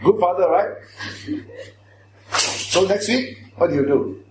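A man's voice: sits high, animated, slow, a little hiss or hum. A man preaching a sermon, emphatic, questioning the congregation directly. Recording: echoey hall with faint ambience.

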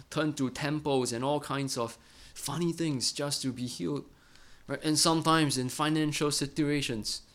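A middle-aged man preaching a Bible-study sermon in an earnest way, often ending phrases with a quick "right?". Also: medium pitch, a bit bright. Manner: earnest, ends many phrases with a tag question "right?".

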